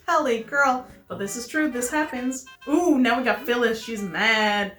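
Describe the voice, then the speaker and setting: A woman's voice: a little high, measured pace, hardly any pauses, a bit bright, soft background music. A young adult woman chatting casually as she reacts to a game, rambling and laughing easily. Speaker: gaming video host. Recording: roomy echo.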